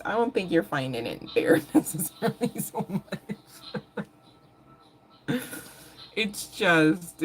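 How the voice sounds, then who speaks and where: Woman doing a tarot live stream, lowish voice that swings all over, cussing and slangy. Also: a little hiss or hum. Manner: casual, swears freely, uses slang; animated, laughs often. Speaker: tarot reader.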